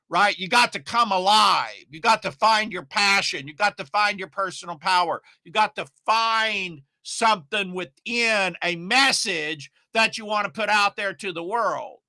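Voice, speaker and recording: A middle-aged man from Oklahoma coaching online marketers, speaking in a folksy, emphatic way with loud bursts. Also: sits high, a little slow, gravelly, dry recording. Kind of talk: motivational talk to camera.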